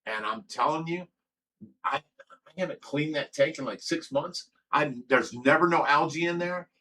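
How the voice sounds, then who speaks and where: A man's voice: on the high side, normal speed, pushed and bright. A man hosting a casual livestream, blunt and rambling, reading chat comments aloud and talking at length. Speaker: livestream host. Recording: from a distance with faint background noise.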